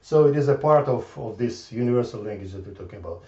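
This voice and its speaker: A man giving an informal math lecture, halting and repeating words as he thinks aloud at the board. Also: mid-range voice, lively intonation, mellow. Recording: echoey room from far off, dull lo-fi sound.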